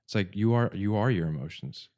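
A man with a low voice talks in a relaxed, philosophical way during casual podcast chat. He defends his ideas calmly and at length. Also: fairly quick. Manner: laid-back, philosophical. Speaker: podcast co-host.

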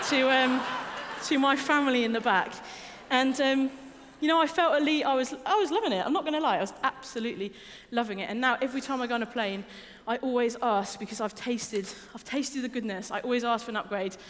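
A woman from England delivers a sermon with a high voice and a chatty, self-deprecating humor. The big church hall adds a long, ringing reverb behind her. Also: slight background noise. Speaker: preacher.

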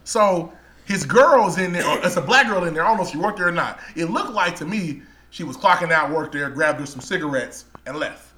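A young man tells a profane, laughing story on a podcast. His voice sits high and bright, bouncing all over in pitch as he acts out the scene. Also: animated, fairly quick. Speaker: podcast co-host. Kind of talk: casual storytelling chat.

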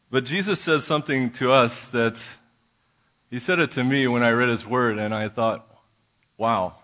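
A man who is a minister, preaching a conversational sermon in a church, often restarting his sentences and dropping to a soft voice in prayer. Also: mid-range voice. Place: church sanctuary.

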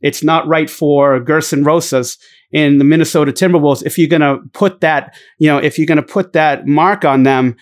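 A man's voice: on the high side, fairly even intonation, moderate pace. A middle-aged man, a former basketball coach hosting a show, ranting bluntly with heavy swearing and lots of fillers and restarts. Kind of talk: profane casual rant.

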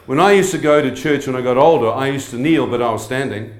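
Joking preacher in an echoey hall. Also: male voice, medium pitch, quick pace. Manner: humorous, asks the crowd frequent questions. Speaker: preacher giving testimony. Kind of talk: lively sermon testimony to a live audience.

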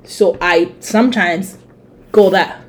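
A woman's voice: lowish voice, slow. A young adult woman co-hosting a podcast, chatting casually, swearing and acting out scenes as she tells stories. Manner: animated storyteller, swears, mimics her mother. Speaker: podcast co-host.

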